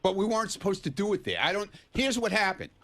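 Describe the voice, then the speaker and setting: A man on a radio show telling his side of a story, animated and quick to defend himself. His voice is high and leaps up and down in pitch. The studio sound is dry and close. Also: no room sound. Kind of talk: casual radio banter.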